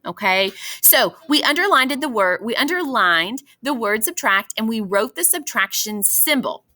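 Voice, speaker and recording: Woman teacher, fairly high, patient and encouraging classroom walkthrough. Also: lively intonation, moderate pace, pushed and bright. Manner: patient, encouraging, addresses students as boys and girls. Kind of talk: classroom math lesson walkthrough.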